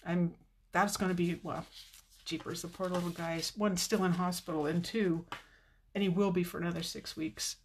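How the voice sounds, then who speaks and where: Older woman, lower voice, teary and stuffy-nosed, chatty live-stream host, faint background hiss. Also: fairly even intonation, moderate pace. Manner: chatty and tearful, reading viewer comments. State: teary, slightly stuffy nose. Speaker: card-making video host. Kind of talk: casual live-stream chat with viewers.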